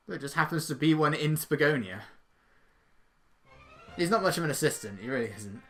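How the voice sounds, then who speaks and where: A man's voice: a little high, animated, moderate pace, pauses often, over music. A man casually commenting over gameplay, chatting, laughing now and then and reading game text aloud. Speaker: let's play host.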